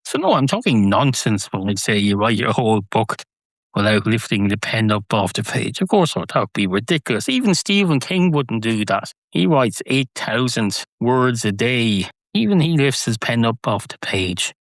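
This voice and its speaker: Deadpan man rambling comically. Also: mid-range voice, moderate pace, dry recording. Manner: deadpan, rambling absurd humor. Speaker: podcast host. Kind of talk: comedic solo monologue.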